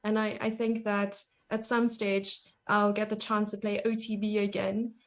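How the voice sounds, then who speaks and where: A woman talks as a guest on a casual interview stream. Her delivery is chatty and upbeat, and she laughs easily. Her pitch sits in an ordinary middle range. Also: level tone, moderate pace. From South Africa. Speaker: guest, chess coach and streamer.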